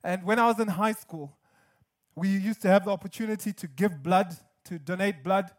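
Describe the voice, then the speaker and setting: A man's voice: high-pitched, normal speed. A man pastor preaching a sermon in an earnest, emphatic way, with repetition and light humor.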